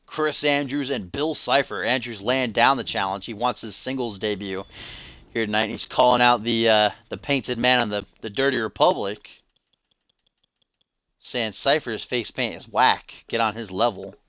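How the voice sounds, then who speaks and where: A man's voice: medium pitch, moderate pace, bright, forceful tone, no room sound. A man hosting a live stream, giving joking play-by-play of a wrestling video game between chat asides. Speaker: stream host and commentator.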